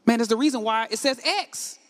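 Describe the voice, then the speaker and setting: A man preaching a sermon, asking the congregation questions and rising to shouts. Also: extremely high pitch, brisk. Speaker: pastor. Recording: echoey hall with long reverb.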